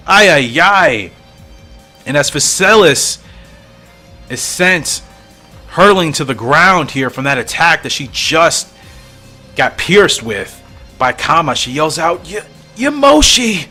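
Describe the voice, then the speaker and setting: Excitable man reading a fan comic. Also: on the high side, takes it slowly, long pauses, faint music behind. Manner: excitable, laughs often. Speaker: channel host.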